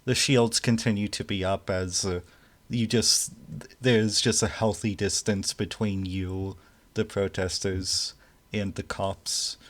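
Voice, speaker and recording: Brief: male game master, lowish pitch, slow, halting scene-setting. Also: little pitch movement. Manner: slow, halting narration with many restarts. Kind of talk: narrating a tabletop game.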